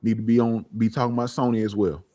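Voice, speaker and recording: A man's voice: lowish voice, level tone, fast talker, mellow, no room sound. A man co-hosting a casual gaming podcast, talking in an emphatic, exasperated, slangy way. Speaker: podcast co-host.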